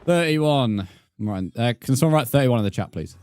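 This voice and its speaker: A man's voice: mid-range voice, animated, quick pace, dark tone, no echo, clean studio sound. A British man chatting casually while livestreaming a game, swearing freely and muttering counts under his breath. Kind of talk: casual gaming livestream chat.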